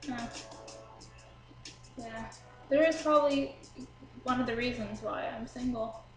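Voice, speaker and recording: A woman's voice: fairly high pitch, measured pace, faint music behind. Chatty young woman, echoey room. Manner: chatty, swears freely, laughs at herself. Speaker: vlogger. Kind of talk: casual storytelling to camera.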